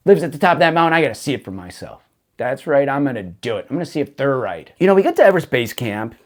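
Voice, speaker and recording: Male host, casual storyteller, says "dude" a lot, pitch rises and falls freely. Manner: laid-back, full of "dude" and "like". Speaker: faith podcast host.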